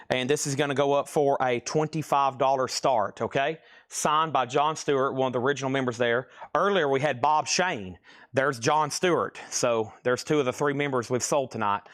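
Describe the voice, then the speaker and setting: A man's voice: mid-range voice, a bit bright, no echo, clean studio sound. A man hosting a livestream sale, chatty and rambling, a little out of breath, calling out items and bids as he thinks aloud. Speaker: live sale host. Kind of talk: livestream auction patter.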